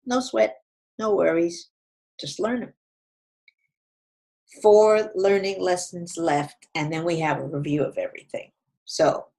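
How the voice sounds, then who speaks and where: A middle-aged woman teaching Spanish online. She models words slowly one by one with an Ecuadorian Andean accent, then talks to her students in a chatty, encouraging way. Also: mid-range voice, darkish tone. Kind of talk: online language lesson with pronunciation drills.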